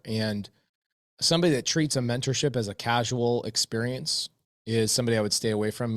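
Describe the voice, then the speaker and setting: This interview guest, also a real estate investor, has a lowish voice captured in clean studio sound with no room tone. He tells his business stories energetically and keeps hammering phrases again and again for effect.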